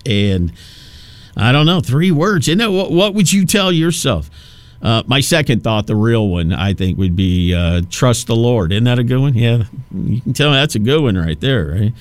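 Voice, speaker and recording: A man's voice: medium pitch, animated, moderate pace, no room sound. Chatty man in his fifties hosting talk radio. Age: 50s. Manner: rambling, chatty, full of restarts and asides. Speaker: radio talk show host. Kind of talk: casual on-air monologue.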